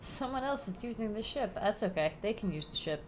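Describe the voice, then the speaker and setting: A woman streamer chatting casually while playing a game, lively and swearing freely. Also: mid-range voice, brisk, a little hiss or hum. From New York area.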